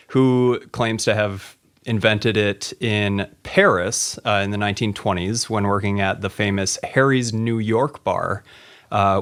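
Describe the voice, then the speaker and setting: A man hosting a podcast, explaining a story with relish in a relaxed chat. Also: lowish voice. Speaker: podcast host.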